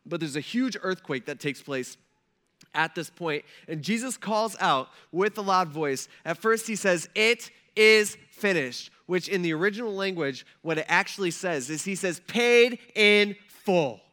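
Bright-voiced man preaching with swelling passion. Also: sits high, expressive, moderate pace, in a large hall. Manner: swings between hushed storytelling and rising emphatic passion. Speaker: pastor. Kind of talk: sermon.

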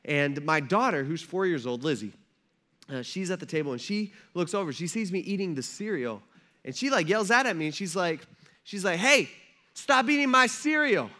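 A man in his thirties preaching a sermon from a church stage, telling stories in an animated, conversational way with lots of asides. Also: on the high side, a little fast. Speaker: pastor.

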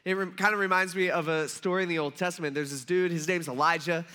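A man delivers a relaxed, conversational sermon, retelling scripture like a story with voiced characters. His voice sits high for a man and rings bright and forceful. He swings between loud, emphatic lines and hushed asides. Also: quick pace, clean tone. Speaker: preacher. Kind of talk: casual sermon.

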